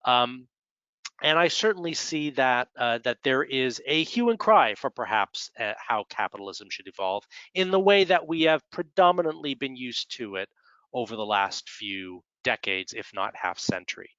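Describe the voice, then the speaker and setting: A man's voice: mid-range voice, animated, moderate pace, bright, forceful tone, clean tone, dry recording, muffled recording. A man with an American Midwestern accent giving a conversational slide presentation, adding dry humorous asides. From United States. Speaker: speaker at executive development webinar.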